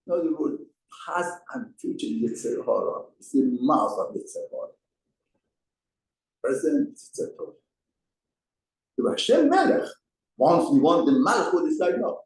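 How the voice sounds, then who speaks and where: A man teaching a mussar lesson in a study hall, his voice rising and falling with lively swings. He talks with emphasis and poses rhetorical questions. The sound carries a roomy echo from the hall. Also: fairly high pitch, a little slow, long pauses. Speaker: rabbi teaching a Torah class.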